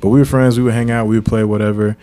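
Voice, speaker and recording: A man, co-hosting a podcast and telling a childhood story in a casual, animated way. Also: fairly low pitch, racing. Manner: animated storyteller, acts out quoted voices. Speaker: podcast co-host.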